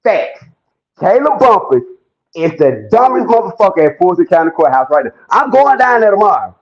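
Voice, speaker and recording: Loud mocking man ranting. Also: high-pitched, big pitch swings, normal speed. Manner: loud, mocking, laughing, swears a lot, acts out quotes. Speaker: commentator. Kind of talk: animated ranting commentary. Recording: dull lo-fi sound.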